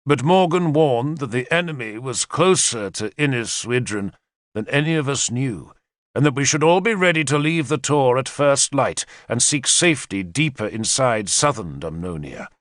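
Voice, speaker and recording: A man reading a historical novel aloud as narrator, in a measured first-person storytelling manner. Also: mid-range voice, no room sound, clean studio sound. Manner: measured storytelling with lively intonation. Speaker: audiobook narrator.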